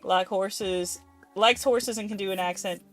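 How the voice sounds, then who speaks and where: A woman's voice: medium pitch, unhurried. A woman from the US chatting casually and giggling as she streams a game. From United States. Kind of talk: casual gameplay chat. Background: faint game music.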